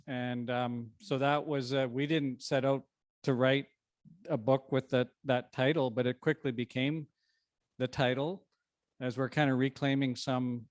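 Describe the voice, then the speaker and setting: A man from northwestern Ontario addresses a library audience at a book launch. He speaks in a loose, conversational way, pausing and restarting as he goes, and his voice sits in a middle range with a dry, close sound. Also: medium pitch, no room sound. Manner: conversational, often pauses and restarts. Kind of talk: informal presentation to an audience. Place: library event room.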